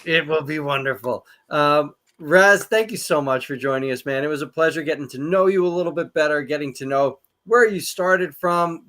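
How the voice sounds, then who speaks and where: A man's voice: a little high, a bit bright. Casting: friendly male co-host with a slightly raised voice. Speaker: podcast co-host. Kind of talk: casual chat.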